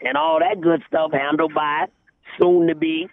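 A man calling in as a guest on a radio show, talking in excitable, repetitive casual chat. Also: a little high, measured pace, vocal fry, dry recording. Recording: tinny phone-line sound.

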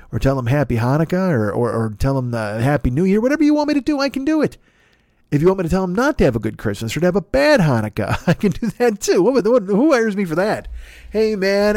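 Podcast host, middle-aged man, profane excitable comic rant, slightly high, dry close mic. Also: no room sound. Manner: profane, excitable, swings loud and quiet. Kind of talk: comedic rant.

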